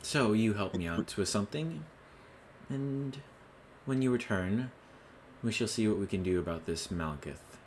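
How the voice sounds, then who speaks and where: An imperious elven noblewoman with a cold, commanding air, voiced by a man running a tabletop game. Her speech is slow and haughty, with a faint hum of ambience behind it. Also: lowish voice, lively intonation. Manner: haughty, measured.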